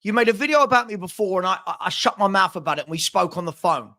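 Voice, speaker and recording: Frustrated stammering man, high voice. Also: expressive, fast talker, pushed and bright. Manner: frustrated, repeats himself, stammering restarts. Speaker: fan channel host. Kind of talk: heated live chat.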